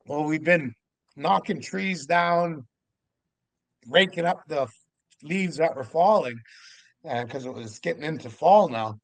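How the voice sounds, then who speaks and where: This older man from Vancouver Island speaks in a gravelly, fairly high voice. He is a podcast guest, telling stories in a casual way and acting out the dialogue with a lot of energy. The sound is dry and close. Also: measured pace, long pauses, no echo. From Vancouver Island, Canada. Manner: lively storyteller who acts out the dialogue. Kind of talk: casual storytelling.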